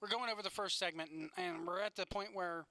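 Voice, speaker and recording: A man's voice: sits high, fairly even intonation, quick pace, vocal fry, crowd noise. A young man hosting a casual wrestling podcast, rambling through a recap with sarcastic asides and frequent laughs.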